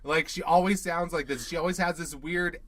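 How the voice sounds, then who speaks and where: A man co-hosting a podcast in casual chat, chatty and playful, with quick asides and a knack for mimicking others. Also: on the high side, fairly even intonation, fairly bright tone. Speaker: podcast co-host. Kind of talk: casual chat recapping a reality show.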